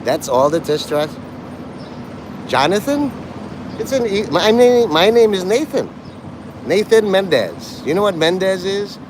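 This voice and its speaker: A man's voice: high voice, sing-song, a little slow, long pauses, background noise. Taunting male streamer, sing-song delivery. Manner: abrasive, taunting and erratic. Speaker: livestreamer talking to his chat. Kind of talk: rambling live-stream chat.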